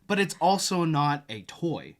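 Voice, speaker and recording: A man's voice: fairly high pitch, very animated, unhurried. A man co-hosting a casual commentary show, reacting to clips with wry, sarcastic asides.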